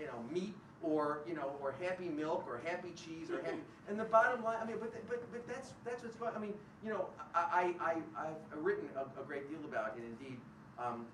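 A man giving a public university lecture, animated and sarcastic, often acting out the voices of the people he quotes. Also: on the high side, far from the mic, a little hiss or hum. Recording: roomy hall picked up from afar.

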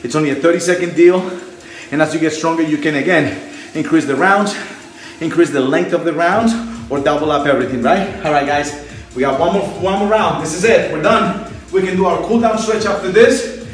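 A man's voice: a little high, brisk. A man leading a home workout as a fitness instructor, cheering people on and counting reps, out of breath. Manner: energetic, encouraging, counts reps aloud. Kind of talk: live workout coaching. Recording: very echoey room, mic at a distance.

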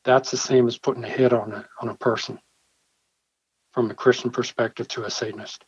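A man's voice: medium pitch, flat delivery, fairly quick, husky, dry recording. A man, a church pastor and former Marine, telling a personal story in an interview, vividly acting out the dialogue he quotes. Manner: earnest, vivid storyteller who acts out his own quoted dialogue. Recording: dull, slightly lo-fi dry recording.

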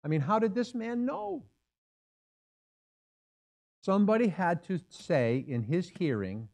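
A man's voice: high-pitched, big pitch swings, unhurried, vocal fry, pauses often, a little mellow. A male pastor preaching a sermon in a conversational way, asking the congregation rhetorical questions. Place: church sanctuary.

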